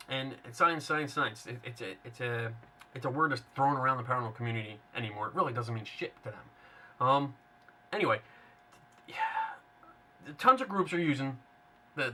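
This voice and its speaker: A man's voice: medium pitch, bright, forceful tone. A man hosting a casual, unscripted monologue, blunt and sarcastic, rambling with frequent restarts. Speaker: paranormal skeptic host.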